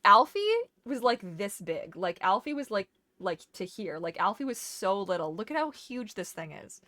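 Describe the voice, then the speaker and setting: A woman's voice: on the low side, normal speed, few pauses, pushed and bright, dry recording. A woman chatting casually while streaming a game, slipping into doting baby talk to her dog. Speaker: gaming streamer. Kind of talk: casual gameplay chat.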